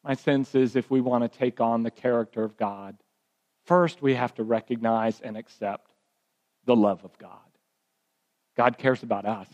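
A man preaching a sermon as pastor, telling stories and slowing to a soft, deliberate hush on his key points. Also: medium pitch, highs cut off. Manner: storytelling, drops to soft slow emphasis on key points. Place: church sanctuary. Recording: long reverb of a church sanctuary.

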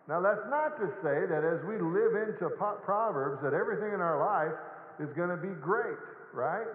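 A man with a fairly high voice preaches a sermon, chatty and easygoing, slipping into little acted asides. The sound is tinny and narrow, as if over a phone line. Behind him a large sanctuary rings with long echo. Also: moderate pace. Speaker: pastor. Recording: echoey hall on a tinny lo-fi line.

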